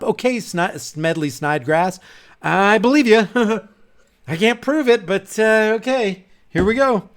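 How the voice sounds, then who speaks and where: A man hosting his channel, ranting in a casual livestream, rambling and animated with frequent restarts. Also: high-pitched, a little slow. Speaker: channel host.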